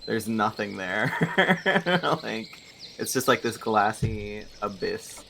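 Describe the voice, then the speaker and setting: A man's voice: lowish voice, slow pace, gravelly, bright, forceful tone, slight background noise. A man with a British accent, playing a tabletop game in a casual, playful way and laughing often. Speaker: player.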